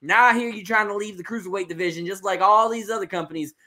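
A man voicing a boastful redneck wrestler with a put-on Southern drawl, trash-talking and whining loudly. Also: sits high, fast talker, voice pushed up. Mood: cocky taunting. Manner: boastful trash talk, rising to whiny outrage. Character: brash redneck male wrestler, boastful and whiny.

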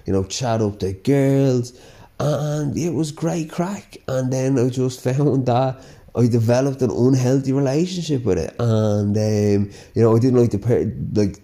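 A man with a strong Dublin accent tells personal stories in a relaxed, chatty way. His voice is very dark and mellow, and he sits at a medium pitch. He laughs often and fills his talk with "you know" and "like". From Ireland. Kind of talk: casual personal storytelling.

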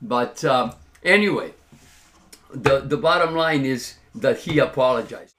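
A man's voice: mid-range voice, measured pace, a little hiss or hum. A man casually telling a story to listeners, acting out the dialogue as he goes. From Canada. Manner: animated, acts out quoted dialogue.

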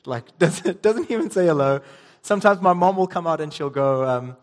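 A man's voice: fairly high pitch, expressive, fairly quick. A young man preaching a sermon, reading scripture and telling a casual story with ums and restarts. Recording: long reverb in a hall.

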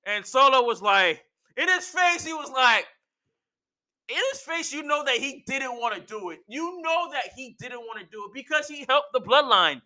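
A young man excitedly recapping wrestling in a casual, slangy, animated way. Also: very high voice, normal speed.

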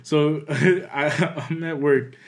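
A man in casual chat, telling animated stories, acting out what people said and laughing often. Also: on the high side, drawn-out words.

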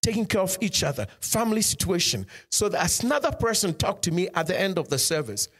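A man's voice: sits high, very animated, fast talker, a bit bright, husky. A man preaching a sermon as pastor, punctuating points with "Amen" and putting direct questions to his congregation.

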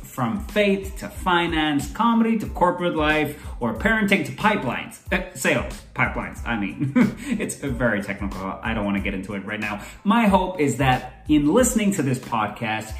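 A man's voice: fairly high pitch, animated, moderate pace, fairly bright tone, roomy sound, faint music behind. A man in his thirties who grew up in Kuwait, hosting his own podcast in a chatty, self-deprecating way. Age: 30s. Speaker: podcast host. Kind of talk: casual solo podcast talk.

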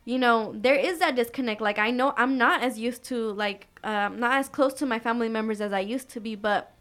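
Earnest, chatty woman co-host; slightly high pitch; casual faith talk. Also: fairly quick, a bit bright. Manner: earnest, chatty, many fillers.

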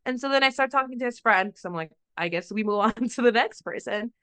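A young woman co-hosts a podcast, telling a story in casual chat and acting out the quotes as she goes, with "like" coming up often. Her voice is on the high side and smooth, and she talks fast. The recording has no echo.

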